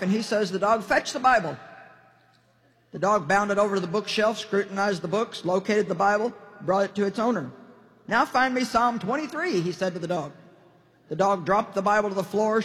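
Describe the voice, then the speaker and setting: A woman Bible teacher preaching a sermon to a live congregation, emphatic and folksy, calling out to the crowd. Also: mid-range voice. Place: large auditorium. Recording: long hall reverb.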